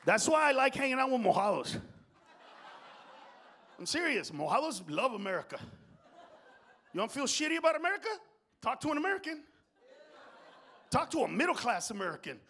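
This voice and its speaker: A middle-aged man doing live stand-up in a comedy club, profane and shouting, dropping Spanish slang. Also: extremely high pitch, big pitch swings, fairly quick, pauses often, breathy edge.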